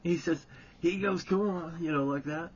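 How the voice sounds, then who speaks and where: A man's voice: on the high side, normal speed, lo-fi sound, a little hiss or hum. A man telling an old story casually, rambling and swearing freely, often breaking into chuckles.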